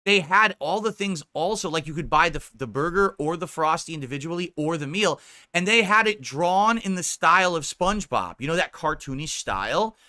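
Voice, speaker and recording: Bright-voiced mocking male streamer. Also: a little high, animated, normal speed. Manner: mocking, laughing, profane. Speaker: live streamer. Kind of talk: live-stream reaction commentary.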